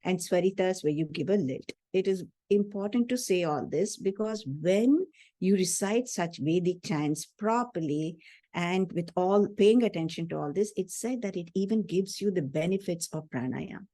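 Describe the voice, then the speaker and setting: A middle-aged woman explains how to chant, patient and earnest, pausing to ask "hmm?" of her listeners. Her voice sits a little low and sounds mellow and soft. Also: expressive, no room sound. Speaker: teacher. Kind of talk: spiritual lecture on chanting.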